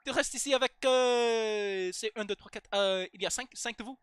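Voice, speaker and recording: A man's voice: very high-pitched, clear, resonant tone, no room sound, clean studio sound, pitched above the performer's own voice. A man acting out a chatty innkeeper in a fantasy town who hesitates while counting guests. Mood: fussy. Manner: halting, counting out loud.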